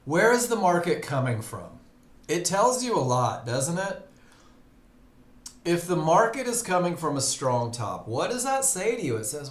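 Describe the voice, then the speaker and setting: Male trading instructor, fairly high voice, unhurried delivery, echoey room, webinar mic. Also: very animated. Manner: conversational, asks the audience questions. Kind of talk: live webinar teaching. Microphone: computer mic on a live webinar.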